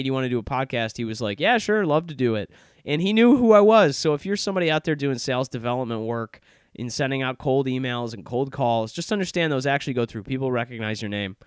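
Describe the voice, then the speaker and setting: A young man opens his podcast with a casual monologue from an office in Chicago. His medium-pitched voice is clean and resonant, recorded close and dry, and he rambles in a chatty, self-mocking, sardonic way.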